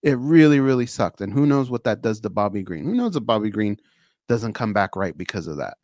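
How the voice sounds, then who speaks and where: A man in casual sports talk, earnest and emphatic, with a voice a little lower than most. The recording is dry and close-miked. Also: very animated, fairly quick, darkish tone, no room sound.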